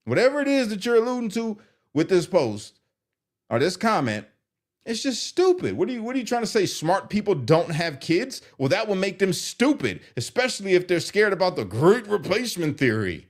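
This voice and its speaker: A man doing live commentary on viewer comments, animated and exasperated as he reads them aloud. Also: high voice, normal speed. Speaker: streamer reacting to comments.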